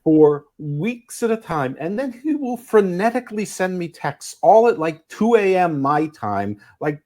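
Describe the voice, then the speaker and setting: A male co-host of a casual podcast whose pitch swings freely, rising and dipping as he stumbles through restarts. He talks in a chatty, halting way and drops dry jokes into the conversation. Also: sing-song, darkish tone. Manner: halting, many restarts, dry jokey asides.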